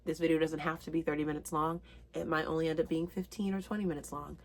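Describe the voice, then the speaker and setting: A woman with a somewhat low voice gives a spiritual tarot reading directly to her viewers. Earnest and openly emotional, she slows down to read each card's meaning aloud.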